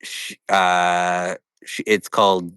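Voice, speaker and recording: A man's voice: low voice, little pitch movement, slow pace, a bit bright, clean tone, dry recording, clean studio sound. A man narrating as dungeon master, voicing characters in quotes and breaking into laughs between lines. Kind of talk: narrating a tabletop game.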